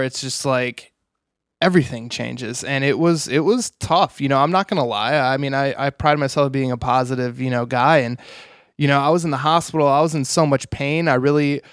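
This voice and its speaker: A man's voice: mid-range voice, clear, resonant tone, no room sound, clean studio sound. A man, an interview guest, telling a personal story in an earnest, rambling way with many "you know"s.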